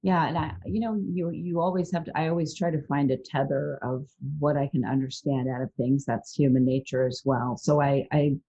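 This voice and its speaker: Low, husky woman hosting a podcast. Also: moderate pace, few pauses. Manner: earnest, animated, acts out quoted people. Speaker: podcast host. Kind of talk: casual interview chat. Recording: dull lo-fi sound.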